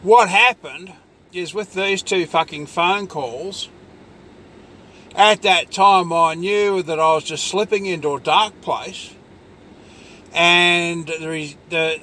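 A man with a fairly high voice delivers a rambling monologue, swearing heavily and circling back with "you know" as his frustration boils over. A faint hum of traffic sits behind him. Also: pushed and bright. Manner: angry, profane ranting with many fillers.

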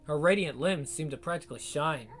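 A man narrating an audiobook in a steady storytelling read. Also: fairly high pitch, brisk. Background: faint guitar music.

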